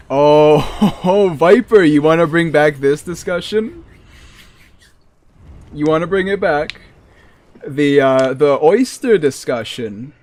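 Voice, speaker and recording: Here a Massachusetts-accented man chats loosely during a game stream, wandering off topic and laughing between tangents. His voice sits fairly high and sounds a little mellow.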